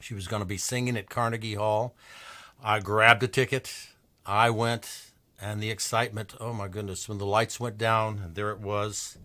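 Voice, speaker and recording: Bright-voiced older man lecturing on songs. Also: lowish voice, level tone, a little hiss or hum. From New Mexico. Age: 70s. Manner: enthusiastic storyteller, halting restarts. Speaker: lecturer and pianist-singer. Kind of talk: anecdotal music lecture.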